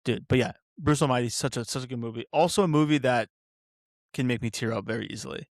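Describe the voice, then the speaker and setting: A man's voice: medium pitch, quick pace, dry recording, clean studio sound. A man hosting a casual podcast, asking questions in a laid-back, hesitant way. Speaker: podcast host.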